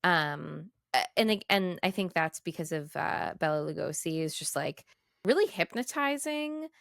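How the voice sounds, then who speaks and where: Giggly woman with a smooth voice. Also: lowish voice, lively intonation, moderate pace, a bit bright, no room sound, studio quality. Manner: rambling and giggly, many fillers. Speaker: podcast co-host. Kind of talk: casual chat.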